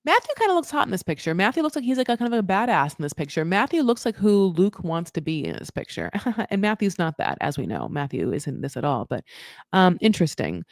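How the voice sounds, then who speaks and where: A woman's voice: mid-range voice, very animated, fairly quick, no room sound, studio quality. A woman hosting a casual reality TV recap, chatty and swearing freely as she acts out what people said.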